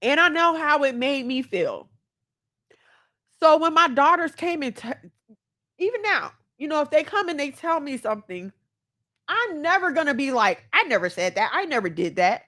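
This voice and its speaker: A woman's voice: high voice, sing-song, moderate pace, long pauses, sharp tone. A woman giving heartfelt self-help advice as a mother, speaking earnestly and acting out the voices she quotes. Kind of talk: candid self-help monologue.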